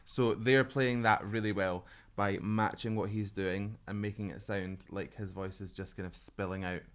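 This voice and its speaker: In a reaction video on singers, a male vocal coach with a lowish voice offers analytical, enthusiastic commentary, often breaking into laughter. His tone is steady and his pace moderate.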